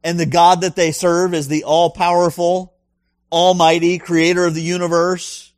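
A man's voice: high voice, flat delivery, normal speed, no echo, clean studio sound. A male pastor preaching a sermon in an emphatic way, full of rhetorical questions and punchy asides.

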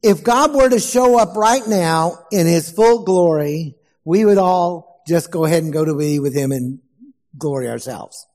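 A man preaching a sermon as pastor, slow and emphatic, asking the congregation questions. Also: a little high, a little mellow, in a large hall.

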